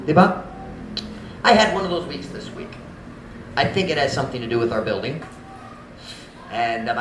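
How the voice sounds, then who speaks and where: Man, pastor, storytelling sermon, animated and frank, slightly high voice, roomy church echo. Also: a little hiss or hum. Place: church sanctuary.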